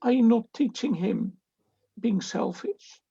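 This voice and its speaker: Slow gravelly voice asking a question. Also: mid-range voice, animated, mellow, no room sound, dull audio. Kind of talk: question in a class.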